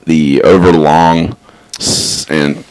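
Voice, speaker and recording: A man's voice: a bass voice, fairly even intonation, drawn-out words, smooth, poor audio. A young man co-hosting a college radio movie chat from the studio mic, wry and teasing, hesitating with fillers. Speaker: radio co-host.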